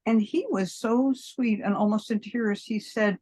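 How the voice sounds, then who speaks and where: Her voice is medium-pitched, a little mellow with a breathy edge, and fairly even in intonation. This woman in her seventies talks fairly quickly with hardly any pauses, telling long, wandering stories as a podcast guest, voicing the characters and frequently laughing.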